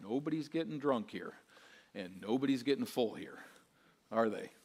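A man preaching a sermon as pastor, earnest and rhetorical, repeating phrases and swinging between soft, quiet lines and emphatic ones. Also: mid-range voice, expressive, normal speed, slightly rough. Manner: rhetorical questions and repetition.

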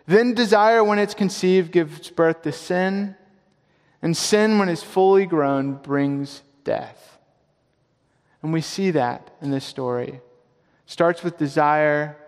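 A man with a fairly high voice preaches a sermon in a church sanctuary, pressing hard on his main points. He slows down and repeats the key lines so they land. Long reverb from the big hall trails each phrase. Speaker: pastor.

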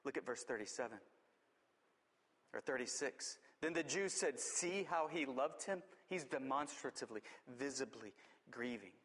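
A man preaching a sermon as pastor, swinging between urgent emphasis and hushed, drawn-out words. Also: on the high side, long reverb tail.

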